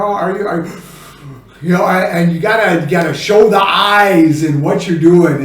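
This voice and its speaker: Middle-aged male teacher, casual and animated, loud bursts for examples; recorded at a distance in an echoey room. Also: high voice. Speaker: sign language teacher.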